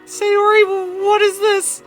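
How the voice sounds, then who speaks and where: A gaming streamer voicing a frantic, cheerful schoolgirl club leader in a high, shrill falsetto while reading a visual novel aloud. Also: unhurried, a bit bright, faint music behind. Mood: puzzled. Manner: shrill and theatrical.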